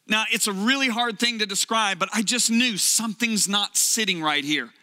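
A man with a high, pushed, bright voice preaches a sermon. He tells a personal story in an earnest, emphatic way, with drawn-out pauses.

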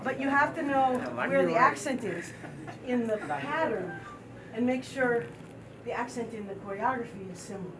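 A woman leads a group drum class, chanting rhythm syllables and calling out steps with steady encouragement. Her fairly high voice is picked up from a distance, with heavy noise in the recording. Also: normal speed. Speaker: drum teacher. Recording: distant mic with loud noise.

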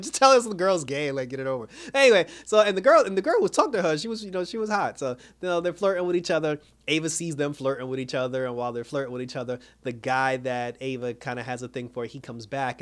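A man giving a casual, animated recap and review of a TV episode, laughing often and acting out the characters' lines. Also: mid-range voice. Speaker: show reviewer.

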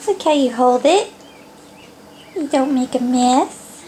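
Woman, home video, slow and high-pitched, cooing baby talk to her infant. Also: dark tone, a little hiss or hum. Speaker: mother filming her baby. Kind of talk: casual home video chat. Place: home, indoors. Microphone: handheld camera mic.

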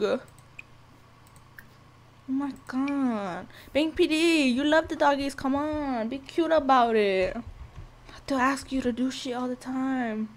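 A young woman giving casual, profane, excitable commentary over a life-sim game, scolding the characters as she plays. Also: high voice, slow, pauses often. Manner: profane, excitable, talks to the sims. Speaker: gameplay commentator. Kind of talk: casual let's-play commentary.

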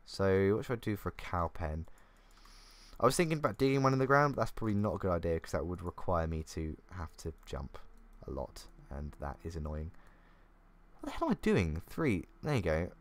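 Young gamer, low voice with bouncy intonation, self-mocking running commentary. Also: male voice, sing-song, a little fast. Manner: chatty, self-mocking, thinking aloud. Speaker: gaming YouTuber. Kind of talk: casual gameplay commentary. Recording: faint keyboard clicks.

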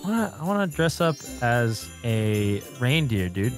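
A man's voice: medium pitch, sing-song, moderate pace. A man joining a group game chat over a headset, blunt and teasing. His voice rises and falls a great deal from line to line, and music plays behind him. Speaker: gaming friend. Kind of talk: casual gaming banter.

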